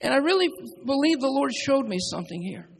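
Male preacher, sermon, gravelly voice, repetitive building cadence, long hall reverb. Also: very high voice, big pitch swings, a little fast.

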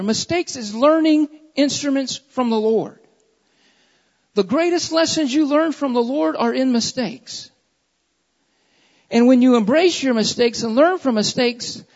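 Woman preacher, high voice, fervent and repetitive, dull recording from a church hall. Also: a little mellow. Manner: impassioned, repeats lines for emphasis. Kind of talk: sermon.

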